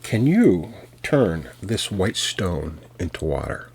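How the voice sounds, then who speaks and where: A man with a low, husky voice voicing a giant who pretends to be a little boy in a cradle. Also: sing-song, slow, a little mellow, heavily acted. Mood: calm. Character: giant hero posing as a small boy in a cradle.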